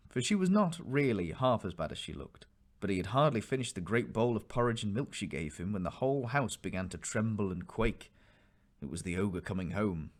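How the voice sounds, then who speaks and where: A man narrating a classic fairy tale aloud in a measured, expressive reading. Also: fairly low pitch. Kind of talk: storybook reading.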